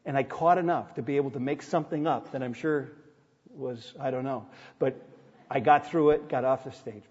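A middle-aged male pastor preaching in a church sanctuary, his voice dark and slightly husky. He moves earnestly between scripture and personal stories, with light humor along the way. The sound is dull, and a long hall reverb hangs on every phrase. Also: medium pitch, normal speed. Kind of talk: sermon.

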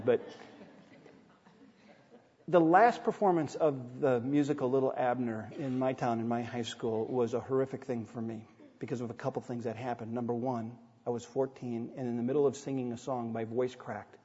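A middle-aged male pastor preaching in a church sanctuary, his voice dark and slightly husky. He moves earnestly between scripture and personal stories, with light humor along the way. The sound is dull, and a long hall reverb hangs on every phrase. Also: medium pitch. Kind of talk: sermon.

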